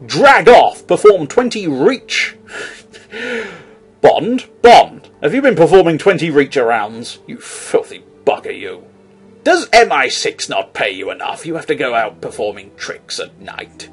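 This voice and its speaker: A man giving casual video game commentary, rambling with jokey asides and the occasional loud outburst. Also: fairly high pitch, very animated, a little slow, slightly rough, soft background music. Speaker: let's play host.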